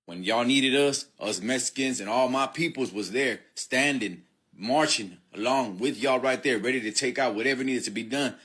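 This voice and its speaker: A man putting on the voice of a tough, indignant streetwise man, slow and emphatic. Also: medium pitch, fairly bright tone, slightly rough.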